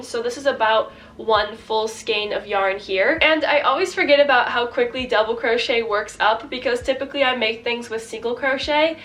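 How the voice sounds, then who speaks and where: A woman's voice: a little high, fairly bright tone, recorded from a distance. A young woman with a stuffy cold, chatting casually and rambling as she vlogs her crochet project. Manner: chatty, rambling, self-deprecating. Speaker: crochet vlogger. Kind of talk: casual vlog narration.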